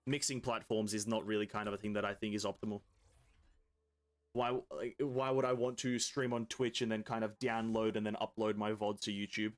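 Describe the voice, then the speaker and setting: A man's voice: on the low side, little pitch movement, a little fast. Laid-back Australian man streaming a game. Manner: laid-back, rambling, swears casually. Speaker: gaming streamer. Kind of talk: casual chat with stream viewers.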